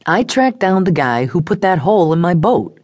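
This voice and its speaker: A woman's voice: fairly low pitch, big pitch swings, moderate pace, darkish tone, no echo. A woman voicing a headstrong, defiant young woman in an audiobook.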